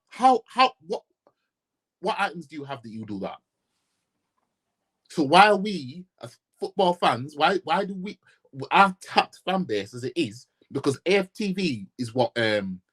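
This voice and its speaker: A man's voice: medium pitch, very animated, moderate pace, fairly bright tone, husky. A man from Yorkshire ranting in a casual football fan vlog, blunt and profane, repeating himself and firing off rhetorical questions. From Yorkshire, England.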